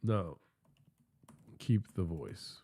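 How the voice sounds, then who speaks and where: A young adult man livestreaming, talking in a teasing, crude and deadpan way. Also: low-pitched, drawn-out words, breathy edge. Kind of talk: casual stream chat.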